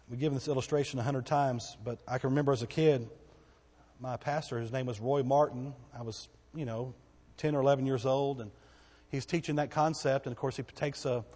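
Emphatic preaching man in a reverberant hall. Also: mid-range voice. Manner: emphatic preaching that swings between loud declarations and hushed passages. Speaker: pastor. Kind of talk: sermon.

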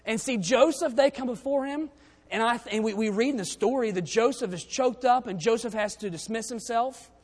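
A man's voice: very high-pitched, fairly quick, darkish tone. A man preaching a sermon, reading scripture verses aloud and then explaining them in a conversational way. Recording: long reverb of a church hall.

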